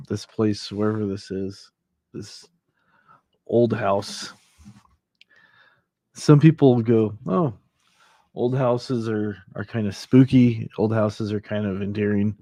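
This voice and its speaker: A man's voice: fairly low pitch, dark tone, no room sound, clean studio sound. A man hosting a casual late-night livestream, rambling and laughing as he chats with viewers, his throat a little scratchy from allergies. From Southern California. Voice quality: slightly scratchy. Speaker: livestream host. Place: old house.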